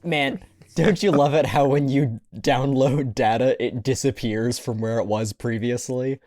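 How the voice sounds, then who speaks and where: A man co-hosting a casual movie review podcast, sarcastic and quick to laugh. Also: medium pitch, fairly even intonation, darkish tone, no echo, clean studio sound. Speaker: podcast co-host.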